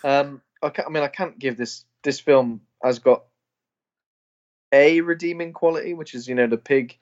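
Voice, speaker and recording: A man's voice: mid-range voice, moderate pace, muffled recording. A man co-hosting a casual podcast, blunt and self-deprecating, with some mild swearing. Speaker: podcast co-host. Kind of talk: casual chat.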